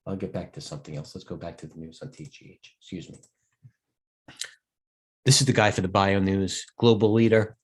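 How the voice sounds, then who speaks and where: A middle-aged man with a fairly low voice, talking through live market commentary as a host. He rambles and digresses, often breaking off to answer viewers' questions. He sounds tired throughout. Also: fairly quick, pauses often. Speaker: host and stock broker.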